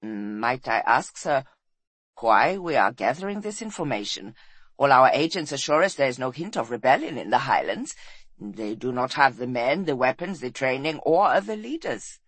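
A narrator voicing a cautious official advising a baron in a storybook reading, measured and deferential. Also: mid-range voice, sing-song, fairly bright tone, husky, dry recording.

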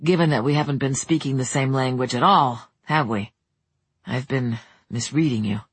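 An audiobook narrator voicing an earnest young man who talks quietly and haltingly, running himself down. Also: mid-range voice, breathy edge, no echo, pitched below the performer's own voice, natural voice. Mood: tender. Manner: quiet, halting, self-deprecating. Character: earnest, self-doubting young man in love.

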